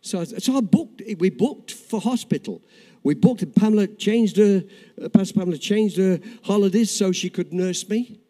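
An older man preaching a sermon and telling a personal story, in an animated, repetitive storytelling way. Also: high voice, normal speed. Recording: reverberant hall.

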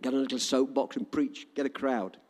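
A man's voice: mid-range voice, steady tone, a little fast, a little mellow, long reverb tail. An older man with an English accent preaching a sermon in an emphatic, repetitive cadence. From England.

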